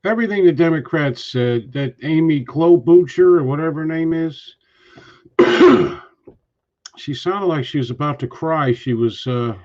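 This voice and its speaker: A man co-hosting a casual political chat show, talking bluntly and grumbling, who keeps clearing his throat and coughing. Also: a little high, lively intonation, a little slow, darkish tone. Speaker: podcast co-host. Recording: dull lo-fi sound.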